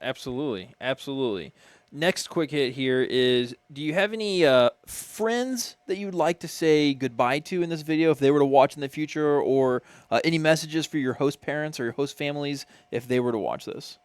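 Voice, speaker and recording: A man's voice: fairly high pitch, moderate pace, smooth, no room sound. A man interviewing exchange students in a school TV studio, joking and giving brief prompts. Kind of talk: casual interview.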